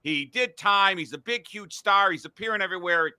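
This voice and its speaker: A man's voice: sits high, fairly quick, bright, forceful tone, clean tone, dry recording. A middle-aged man hosting a casual sports podcast from a home studio, blunt and profane when he rants. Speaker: podcast host.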